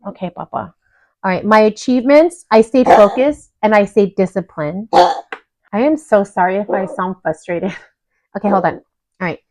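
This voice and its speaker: In this dry, rough recording, a woman with a medium-pitched voice reviews her own goals in a casual budgeting vlog. She talks in a chatty, apologetic way and keeps restarting, speaking from a room at home with dogs nearby.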